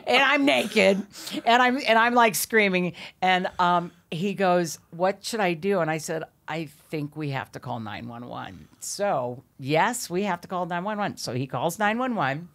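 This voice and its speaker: Guesting on a podcast, a middle-aged woman spins a lively tale full of laughter and cursing, performing the quotes herself. She speaks in a lowish voice at a measured pace.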